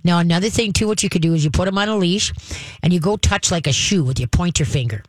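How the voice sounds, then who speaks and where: An emphatic dog trainer walks an owner through training steps, pausing often to check in and demonstrating growls and firm commands. The recording is dry and close with no room sound, and the pitch sits in a mid range. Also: no echo. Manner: emphatic, checks in with frequent "all right?", acts out growls and commands. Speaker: dog trainer giving advice. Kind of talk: advice conversation.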